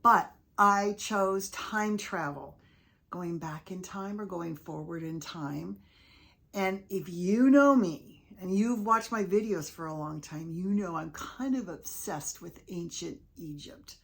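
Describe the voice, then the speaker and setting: Woman, craft vlog host, enthusiastic, chatty, lowish voice. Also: takes it slowly, gravelly, fairly bright tone. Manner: enthusiastic, chatty, gushing over her crafts.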